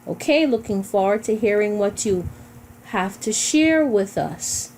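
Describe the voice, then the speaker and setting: Woman teacher, recorded lesson, slow, patient, repeats points, mellow tone. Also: mid-range voice, animated, slight background noise, poor audio. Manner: slow, patient, repetitive explaining to students.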